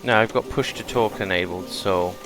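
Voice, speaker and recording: A man's voice: deep voice, moderate pace, music in the background, low-quality recording. A man hosting a gaming video, chatting casually and thinking aloud as he plays. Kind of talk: relaxed gameplay commentary.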